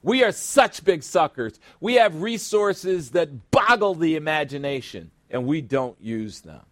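A man's voice: on the high side, sing-song, unhurried, no echo. A middle-aged man pastor preaching a sermon, asking rhetorical questions and calling out for an amen.

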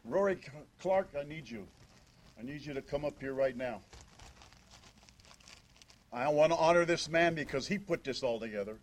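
A man's voice: a little high, lively intonation, moderate pace, pauses often. An older man speaking as a father at a memorial service, emphatic and fond of rhetorical questions. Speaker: father giving a eulogy. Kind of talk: memorial speech.

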